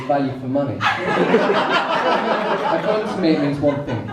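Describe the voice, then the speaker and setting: Stand-up comic in an echoey room. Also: male voice, mid-range voice, very animated. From England. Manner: storytelling with comic pauses. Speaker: stand-up comedian. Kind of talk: stand-up comedy set. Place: comedy club stage in front of an audience. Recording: echoey room, mic far off, noisy.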